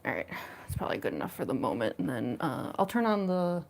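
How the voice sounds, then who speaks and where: A woman's voice: sits low, big pitch swings, fast talker, creaky, slight background noise. A young woman chatting casually on a cosplay livestream from home, giggling often and answering chat, on a phone with a plug-in mic. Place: home room.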